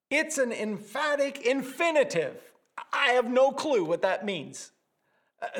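High-voiced man preaching a sermon. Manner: animated preaching with vivid word pictures and humorous asides. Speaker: pastor.

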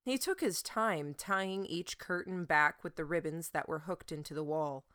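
A woman reading an audiobook chapter aloud in a measured way. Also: deep voice, sharp tone. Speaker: audiobook narrator. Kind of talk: audiobook narration.

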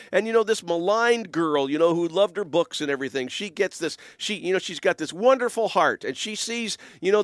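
His voice a little high, a minister who lives around Ottawa talks through a casual reflection in an earnest, rambling way, stressing words emphatically. There's no echo on the recording.

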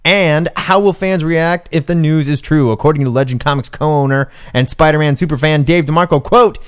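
A man's voice: a little high, normal speed, few pauses, clean tone. A man co-hosting a comics news podcast, emphatic and sarcastic in casual chat. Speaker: podcast co-host.

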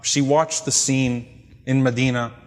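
A man delivers a religious lecture as a story, explaining each point earnestly and sometimes pausing to restart a phrase. His voice sits at an ordinary middle pitch. It carries a long hall reverb. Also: level tone. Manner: earnest, explanatory retelling with frequent pauses and restarts.

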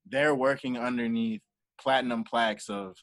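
A young man chatting in a relaxed interview, voice in the middle range for a man. He talks in a casual, rambling way and slips into quoted back-and-forth as he tells stories. The sound is dry and close, with no room echo. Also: mid-range voice, normal speed. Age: young adult. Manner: animated storyteller acting out quoted dialogue. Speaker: guest, entrepreneur and artist manager.

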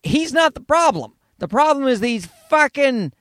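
Profane ranting man, high lively voice. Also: normal speed, dry recording. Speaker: podcast host. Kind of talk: rambling solo podcast rant.

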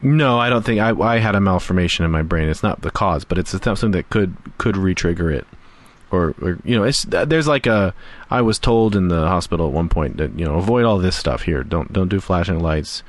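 A man with a very low voice chatting on a podcast. He speaks haltingly, restarting phrases and letting his voice drop and trail off at the ends of thoughts. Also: lively intonation. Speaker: podcast co-host. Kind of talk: casual chat.

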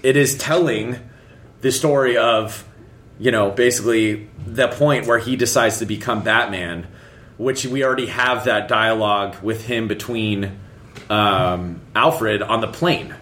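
A man's voice: on the low side, unhurried, fairly bright tone. A man co-hosting a fan podcast in casual chat, rambling, with frequent restarts and eager enthusiasm. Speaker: podcast co-host.

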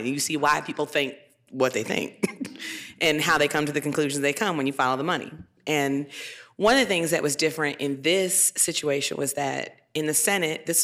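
Brief: woman panelist, lively storyteller, acts out quotes, laughs a lot, on a handheld mic at a live taping. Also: deep voice. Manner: animated, acts out quoted voices, laughs often. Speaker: state legislator on a panel. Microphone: handheld microphone at a live event.

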